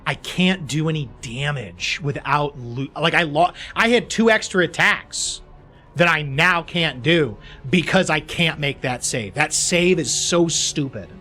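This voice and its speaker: A man's voice: on the high side, animated, a little slow, bright, forceful tone, soft background music. A young man streaming a video game, ranting and swearing in frustration as he comments on a battle. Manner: swears a lot, exasperated ranting. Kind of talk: frustrated live gameplay commentary.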